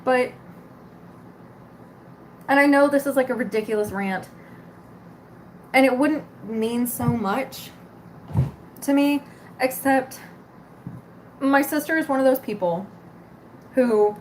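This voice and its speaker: A young woman in her twenties with a high-pitched voice rants at length, sarcastic and worn out, swearing as she goes. A faint hiss sits under her voice. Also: slow, pauses often. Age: 20s. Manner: exasperated, profane, sarcastic. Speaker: cosmetics store worker. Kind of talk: casual venting rant.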